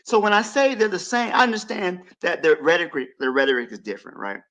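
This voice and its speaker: A man on a panel show making an animated argument, pressing his points with rising emphasis. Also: sits high, fast, poor audio. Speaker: panel guest. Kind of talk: heated panel debate.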